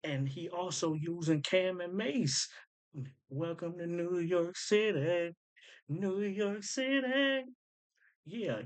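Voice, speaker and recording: A man's voice: a little high, a little mellow, low-quality recording. Man eagerly breaking down rap lyrics. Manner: eager, explanatory, keeps pointing things out. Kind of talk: casual commentary.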